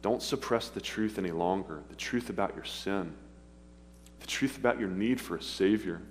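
A man preaching a sermon, earnest and pleading, with pauses as he speaks of his own past. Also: low-pitched. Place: church sanctuary. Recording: long hall reverb, faint hum.

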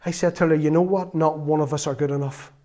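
A man giving an earnest, storytelling sermon that rises into loud exclamations. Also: fairly high pitch, fairly even intonation, quick pace. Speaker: lay preacher.

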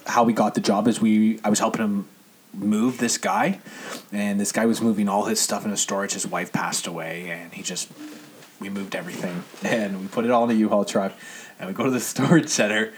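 A man's voice: lowish voice, a little fast, breathy edge. A man in casual chat, telling stories animatedly and swearing freely, acting out what people said. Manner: animated storyteller, swears freely, acts out quotes.

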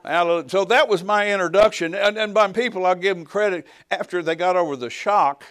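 An older man preaching and telling stories from his ministry, his voice smooth and resonant. He acts out each exchange as he goes and climbs to a shout at the big moments. The sound is close and dry. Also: high-pitched, brisk, no echo. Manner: animated storytelling, acts out dialogue, swells to shouting at climaxes. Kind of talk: sermon with personal testimony.

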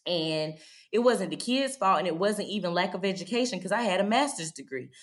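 Woman in her 30s, kinda low voice, talks real open and heartfelt, lots of "you know". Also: animated, a little fast. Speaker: podcast guest. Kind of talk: personal storytelling.

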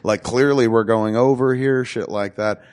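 A man hosting a casual conversation, animated, acting out quoted voices and swearing freely. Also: mid-range voice, moderate pace.

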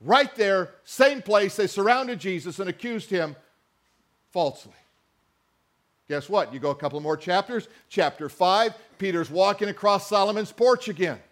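A man's voice: high-pitched, moderate pace, fairly bright tone. A man preaching a sermon, reading scripture and mixing in conversational asides and questions to the congregation. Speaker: pastor.

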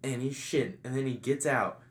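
A man telling a funny story in casual chat, breaking into loud shouted impressions. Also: mid-range voice, fairly quick, a little hiss or hum. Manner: animated, loud shouted impressions of his dad's friends. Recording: echoey room.

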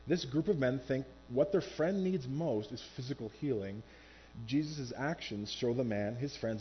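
Male pastor preaching from a church stage, animated, slips into quoted voices, dull lo-fi sound with faint music behind. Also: mid-range voice. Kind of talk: sermon.

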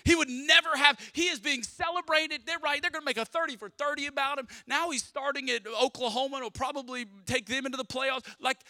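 A young man preaching a sermon in a lively, conversational way, swinging from loud bursts to quiet asides. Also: very high-pitched, quick pace, hardly any pauses, no echo, clean studio sound. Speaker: pastor.

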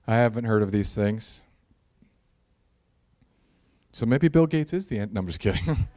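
A man preaching a sermon, animated and jokey, building in intensity at times. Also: on the low side, brisk. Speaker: pastor.

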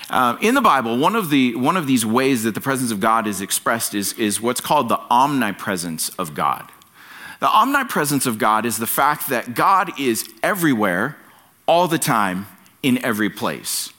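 A man preaching a sermon at a church service in an earnest, emphatic way, driving his key phrases home by repeating them. His voice is bright and forward. His pitch rises and falls widely as he preaches. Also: big pitch swings, normal speed. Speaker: pastor.

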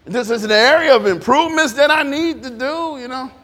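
Brief: very high-pitched male preacher, animated, chatty, long hall reverb. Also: fairly quick. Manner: animated, repetitive, conversational preaching. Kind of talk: informal sermon with congregation responses.

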